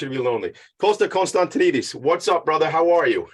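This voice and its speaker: A man's voice: a little high, expressive, fast, husky. A man hosting a podcast from his home attic studio, chatty and upbeat, joking about himself, a bit out of breath. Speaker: podcast host. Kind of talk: casual talk-show intro.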